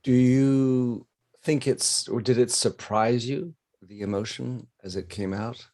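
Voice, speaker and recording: A man's voice: medium pitch, takes it slowly, darkish tone. A man hosting a podcast interview, talking conversationally and sharing a personal anecdote. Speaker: podcast host.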